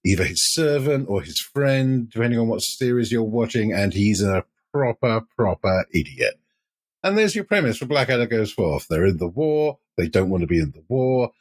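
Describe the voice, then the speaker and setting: A man's voice: lowish voice, husky. A man from the UK co-hosting a casual podcast chat, emphatic and swearing casually. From United Kingdom. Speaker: podcast co-host.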